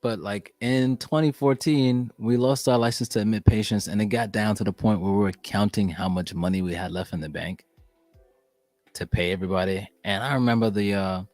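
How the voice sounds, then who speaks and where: A young man as a podcast guest, chatting casually and telling animated, profane stories. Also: lowish voice, a little fast, no room sound, faint music behind. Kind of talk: casual chat.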